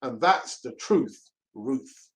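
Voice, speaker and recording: Hosting a laid-back live stream for a fan channel, a man reads chat messages aloud, laughing and putting on mocking, pleading voices. His medium-pitched voice is expressive and fairly bright, and he speaks extremely slowly.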